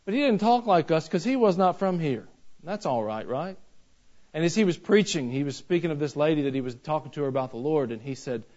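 A man's voice: a little high, expressive, a little fast, darkish tone. Folksy preaching man, lo-fi recording. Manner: folksy and joking, rising to fervent preaching. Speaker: pastor. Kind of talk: sermon.

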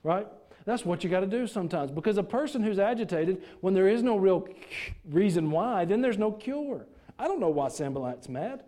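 Preacher guy, kinda high voice but mellow, folksy, keeps asking the church questions. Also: expressive, moderate pace. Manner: folksy, rhetorical questions, jokes with congregation. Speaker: pastor. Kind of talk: sermon.

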